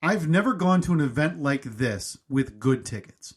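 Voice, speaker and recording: A man's voice: on the high side, lively intonation, moderate pace, husky. A man in his thirties co-hosting a podcast, telling a long story in a casual, rambling, self-mocking way. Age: 30s. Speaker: podcast co-host.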